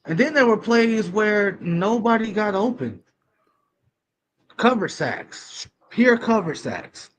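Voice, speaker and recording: A man's voice: high-pitched, takes it slowly, a little hiss or hum. Slangy man, fired-up football talk. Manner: animated, slangy, emphatic, swears. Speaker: podcast co-host. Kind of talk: casual sports talk.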